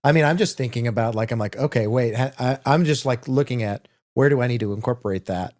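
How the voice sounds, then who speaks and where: A man's voice: mid-range voice, quick pace, darkish tone. A male host chatting casually, agreeing and thinking aloud. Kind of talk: casual chat.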